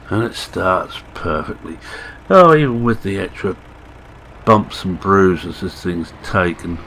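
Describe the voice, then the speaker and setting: A man's voice: low-pitched, vocal fry, a bit bright. A man with a Scottish accent giving casual, self-deprecating commentary while playing a farming game, thinking aloud as he goes. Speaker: gaming channel host. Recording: game engine and vehicle noise behind.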